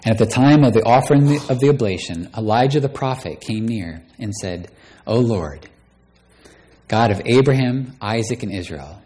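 A man's voice: medium pitch, dark tone. Man preaching a dramatic sermon. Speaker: pastor. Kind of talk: sermon with scripture reading.

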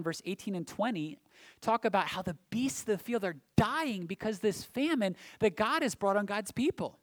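A man preaching a sermon, swinging from loud emphasis to hushed, almost whispered passages. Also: high-pitched, dry recording.

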